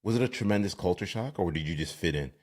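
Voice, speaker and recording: A man's voice: low-pitched, expressive, fast talker, darkish tone. A male podcast host asking chatty questions and heaping praise on his guest over a video call. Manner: effusive, admiring, chatty questions. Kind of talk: casual interview.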